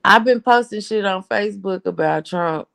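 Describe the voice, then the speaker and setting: A woman's voice: mid-range voice, normal speed, gravelly, a bit bright. A woman, telling a story in a casual, blunt, profane rant. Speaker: host.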